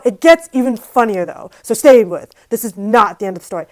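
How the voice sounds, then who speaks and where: A woman vlogger telling a story to camera in a casual, animated, exasperated way, with lots of "like". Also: fairly low pitch, brisk, poor audio. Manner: casual, filler-heavy speech with frequent "like".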